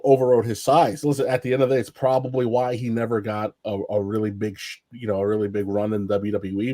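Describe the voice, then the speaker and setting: A man's voice: fairly low pitch, no echo. A man on a wrestling podcast panel telling stories in casual chat, with a lot of fillers and restarts. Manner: rambling, many fillers and restarts; animated, acts out quotes in raised voice.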